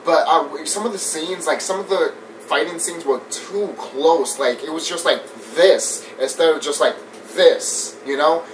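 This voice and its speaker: A man giving a casual, animated movie review rant. He swears often, laughs a lot and mimics scenes as he talks. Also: a little high, measured pace. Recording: distant mic with faint background noise.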